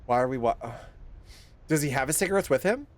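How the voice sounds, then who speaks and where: A young man streaming a horror game, swearing, yelping and laughing loudly whenever something startles him. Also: medium pitch, expressive, brisk. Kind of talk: live horror game playthrough.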